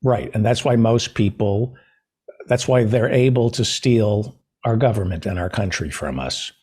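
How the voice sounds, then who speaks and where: A man hosting a casual talk show, joking in a dry, self-deprecating, deadpan way. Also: lowish voice, unhurried, slightly rough. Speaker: podcast host. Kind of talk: casual chat.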